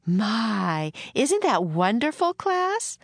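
A woman voicing a gentle, earnest frontier schoolteacher in a storybook reading, a little above her own pitch. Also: very animated, extremely slow, gravelly, no room sound, heavily acted. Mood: delighted. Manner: gentle, encouraging, a little proper.

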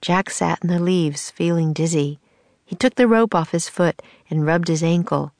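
A woman with a low, even voice reads a children's story aloud at a steady pace. The recording is dry and close, with no room sound. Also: moderate pace, dry recording. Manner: steady reading voice with character voices. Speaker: storybook narrator. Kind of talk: scripted narration of a children's book.

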